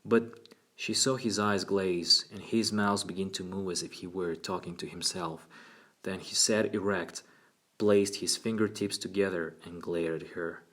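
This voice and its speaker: A man narrating a book aloud in a steady, even storytelling manner. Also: low-pitched, measured pace. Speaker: audiobook narrator. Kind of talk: audiobook narration.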